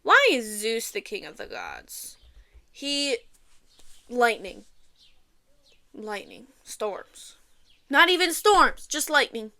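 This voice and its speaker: A young woman chatting casually, animated and giggly, tripping over words as she reads facts aloud. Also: fairly high pitch, takes it slowly, pauses often, dry recording. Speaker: vlogger.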